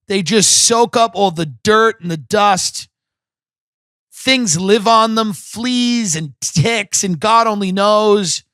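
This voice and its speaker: A man with a high, sharp, tense voice rants emphatically through a comedic podcast monologue, swearing freely. The sound is dry and close, with no room around it. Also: no room sound. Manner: profane, emphatic ranting. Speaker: podcast host.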